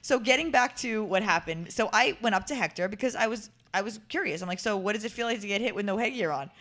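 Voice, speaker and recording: Fast-talking woman host telling stories. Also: mid-range voice. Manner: animated storyteller who laughs through her anecdotes. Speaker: podcast host and former boxer. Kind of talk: casual storytelling chat.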